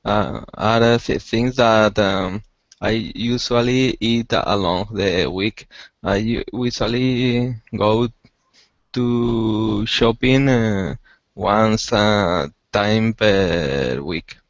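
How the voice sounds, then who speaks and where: A male student speaking English haltingly, with many fillers and restarts as he searches for words. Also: on the low side, no echo. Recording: dull dry call audio.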